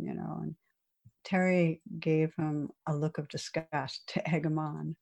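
A woman meditation teacher telling a story in a dharma talk, gentle and unhurried, with soft pauses. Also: low-pitched, steady tone, gravelly.

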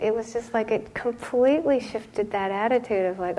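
A middle-aged woman meditation teacher giving a relaxed, conversational dharma talk. She speaks gently, drops into soft whispered asides and laughs often. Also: mid-range voice, normal speed, few pauses, a little hiss or hum, low-quality recording.

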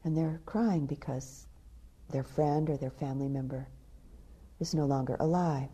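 A calm, wise male companion, as a woman telling a teaching story puts him on. He explains softly and patiently, in a low, very dark and husky voice. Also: unhurried. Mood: gently explaining.

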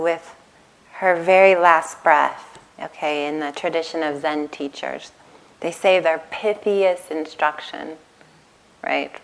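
A woman meditation teacher giving a gentle dharma talk at a retreat, telling stories in a soft, calm way. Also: deep voice, vocal fry, rough recording. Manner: gentle, storytelling, soft-spoken. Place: retreat center meditation hall.

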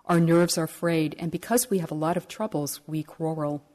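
A despairing poor man pours out his complaints in a pleading, wailing voice, as a woman storyteller puts him on. The tone sits low and mellow, and it rises in sharp bursts when he begs for help. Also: moderate pace, lightly acted. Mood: desperate. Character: desperate poor man at the end of his rope.

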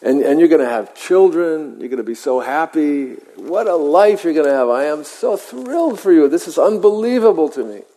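A man voicing an ebullient male prisoner who reads palms, gushing with rapid excited exclamations. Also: fairly high pitch, voice pushed up. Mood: ecstatic. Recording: long hall reverb.

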